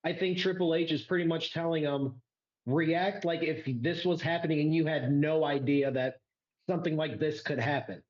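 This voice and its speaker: Guy co-hosting a wrestling podcast, slow earnest talk, lotta "like", echoey dull mic. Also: fairly high pitch, steady tone. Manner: earnest, slow, builds arguments with "like" and quoted lines. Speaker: co-host. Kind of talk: casual wrestling review chat. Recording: roomy, slightly dull mic.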